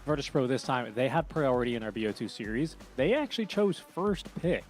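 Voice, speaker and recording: A man's voice: medium pitch, expressive, a little fast, darkish tone, faint music behind. A man hosting an esports broadcast desk, upbeat and chatty, steering the talk with questions.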